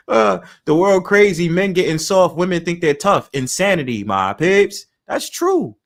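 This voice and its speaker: A man's voice: sits high, sing-song, moderate pace. A man hosting a livestream, talking in a blunt, opinionated way and swearing freely. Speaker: livestream host. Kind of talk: casual livestream talk.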